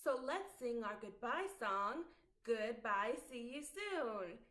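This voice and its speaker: A woman librarian reading a picture book aloud at storytime in an expressive, sing-song way. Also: fairly high pitch, takes it slowly. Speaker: children's librarian.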